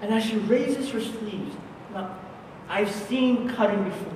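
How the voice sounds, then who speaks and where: A male pastor preaching a sermon at a conference, telling a story slowly and with passion, swinging between loud and hushed. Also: high voice, slight background noise. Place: large conference hall. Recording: echoey hall from far off.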